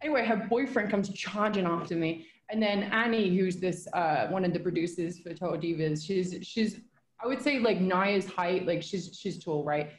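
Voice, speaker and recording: A woman from England telling stories in a casual interview, animated and profane, laughing as she talks. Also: lowish voice, moderate pace, roomy sound. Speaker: guest. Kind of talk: casual storytelling.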